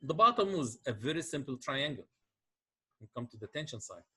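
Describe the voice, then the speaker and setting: Man, husky, middle-aged, lecturing step by step, mid pitch. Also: sing-song, fairly quick, pushed and bright. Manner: explains step by step, asks checking questions. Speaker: engineering lecturer. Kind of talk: classroom lecture.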